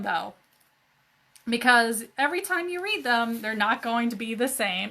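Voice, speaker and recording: A woman's voice: on the high side, measured pace, bright, forceful tone, a little hiss or hum. A woman reading a children's adventure book aloud at a library, breaking off for playful, joking asides. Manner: playful asides, laughs at herself. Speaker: library storyteller.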